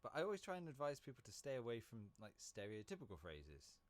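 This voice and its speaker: A man's voice: medium pitch, huge pitch swings, fast. A man chatting casually while live-streaming a game, rambling and laughing easily. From Britain.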